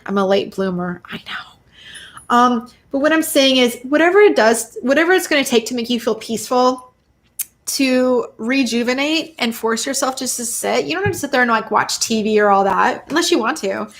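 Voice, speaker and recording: A woman hosting a live stream of tarot readings, chatting casually and getting excited, with frequent laughs and gushing exclamations. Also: on the high side. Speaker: host giving tarot readings.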